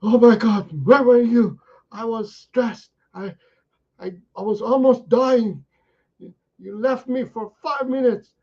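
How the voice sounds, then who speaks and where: A man voicing an anxious, clingy dog, pleading in a high, stammering voice. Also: measured pace, muffled recording. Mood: frantic.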